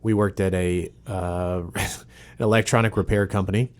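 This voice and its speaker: A man in his thirties co-hosts a relaxed podcast chat. His voice sits fairly low. He tells stories in a lively, joking way. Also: moderate pace. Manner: animated, joking storyteller. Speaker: podcast co-host. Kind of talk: casual chat, storytelling.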